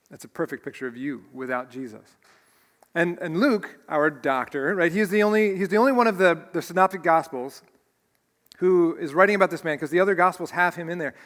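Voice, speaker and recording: An earnest pastor delivering a heartfelt sermon, his fairly high voice carrying through a church hall with a long reverb trail. He stumbles and restarts as feeling takes over. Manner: earnest, emotional preaching with repeated restarts. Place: church sanctuary.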